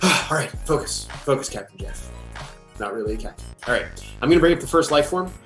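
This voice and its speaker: A man's voice: on the high side, expressive, fairly quick, fairly bright tone. A man improvising a flustered, procrastinating space station log keeper who rambles and corrects himself. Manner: rambling, distracted, self-correcting. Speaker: improv performer playing a space station host. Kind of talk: improvised sci-fi comedy. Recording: echoey room with faint music.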